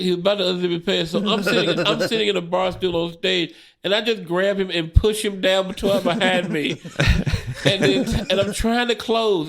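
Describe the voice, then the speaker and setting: A man's voice: high-pitched, gravelly. A man, a stand-up comedian, telling a profane road story in casual chat, laughing and acting out the people in it. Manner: acts out drunk friend in quoted voices.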